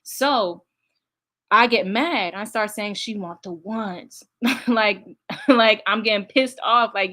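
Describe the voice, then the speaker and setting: A woman's voice: medium pitch, slow, pushed and bright. A young adult woman casually commenting on video clips, talking directly to her viewers with a candid, laughing manner.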